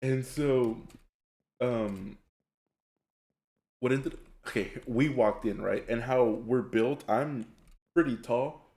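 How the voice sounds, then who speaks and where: Loud, excitable man streamer, roomy sound. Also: mid-range voice, takes it slowly, long pauses. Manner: loud and excitable, laughs often. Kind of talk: casual storytelling while gaming on a live stream.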